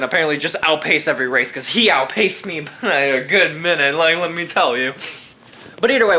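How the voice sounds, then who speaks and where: A man's voice: high voice, sharp tone. A young man telling a funny story in a casual, slangy, profane way, often laughing. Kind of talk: casual anecdote.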